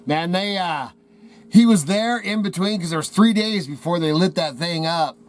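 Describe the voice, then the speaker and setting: Ranting heatedly to camera from a trading post, a channel host from Idaho rambles in an agitated way, using folksy slang about a cover-up. His voice is high and his pace moderate.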